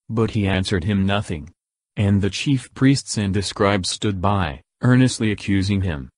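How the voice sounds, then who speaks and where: Low-voiced man reading scripture slowly. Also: darkish tone, no room sound. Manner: slow measured reading in short phrases. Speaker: Bible reader.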